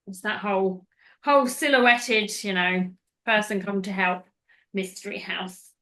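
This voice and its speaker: A woman's voice: mid-range voice, unhurried, pushed and bright. A woman hosting a podcast, recapping a film in casual, rambling chat that goes off on tangents. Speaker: podcast host.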